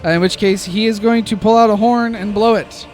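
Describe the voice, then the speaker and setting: A man narrating as game master of a tabletop game, halting and laughing often. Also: high-pitched, steady tone, darkish tone, soft background music.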